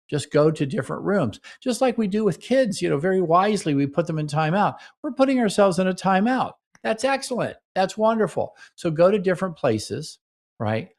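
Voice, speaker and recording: A man hosting a relationship show, explaining to couples in an instructional talk and checking in with "okay?" and "right?". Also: on the high side. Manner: coaching, frequent "okay?" and "right?" check-ins. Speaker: relationship therapist and podcast host.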